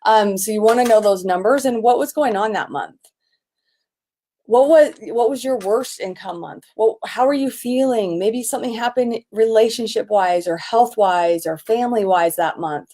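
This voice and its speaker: Energetic woman business coach. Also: fairly high pitch, normal speed. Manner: energetic, enthusiastic, bursts into excited shouts. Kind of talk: live online coaching session.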